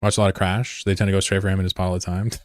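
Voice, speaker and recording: A man with a low voice leads an online game fleet on a live stream, talking rapid-fire with flat delivery. He rambles casually, joking and swearing plenty into his desk mic. The studio-quality sound has no echo.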